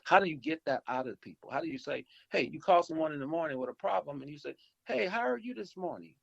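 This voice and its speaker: A man's voice: on the high side, big pitch swings, quick pace, vocal fry, husky, no echo. A middle-aged man, an insurance agency owner and investor, giving rambling advice in a phone interview, with many repeats and restarts as he acts out calls with customers. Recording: dull lo-fi phone line.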